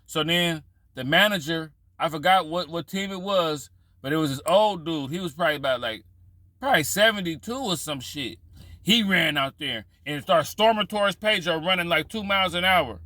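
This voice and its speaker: A man's voice: fairly high pitch, moderate pace, pushed and bright, dry recording. A man vlogging in casual storytelling style, loose and profane, rambling with frequent restarts.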